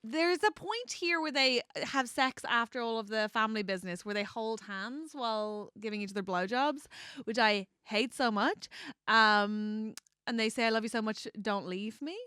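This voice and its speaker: A woman's voice: a little high, normal speed, sharp tone, clean tone, dry recording, studio quality. A woman co-hosting a podcast in casual chat about a book. She laughs often and acts out the characters' lines as she recaps the story. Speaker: podcast co-host.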